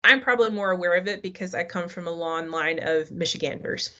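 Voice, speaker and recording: A woman's voice: lowish voice, a little fast, pushed and bright, lo-fi sound. A middle-aged woman teaching a live online history class, talking casually and asking her students questions. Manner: conversational, asks the class questions.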